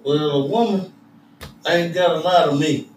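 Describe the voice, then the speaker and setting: A man's voice: fairly high pitch, measured pace, far from the mic. A man co-hosting a podcast in casual chat, blunt and dismissive. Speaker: podcast co-host. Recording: echoey room, off-mic, noticeable hiss.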